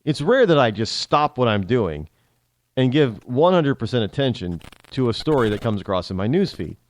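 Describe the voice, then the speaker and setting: A man's voice: mid-range voice, moderate pace. A man hosting a talk show, delivering a rambling casual monologue with lots of restarts and repetition. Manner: animated, rambling, repeats himself and spells out names.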